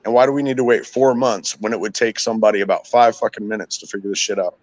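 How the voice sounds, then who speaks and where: A man's voice: fairly low pitch, steady tone, fast, no echo, lo-fi sound. A man chatting casually on a podcast, telling frustrated stories with plenty of swearing. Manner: profane, ranting, frustrated storytelling. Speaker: podcast host. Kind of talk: casual chat.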